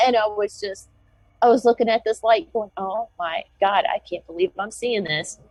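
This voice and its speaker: A Southern American woman, a podcast guest, recounting a personal encounter in an animated way, with many restarts. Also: mid-range voice, moderate pace, dry recording, poor audio.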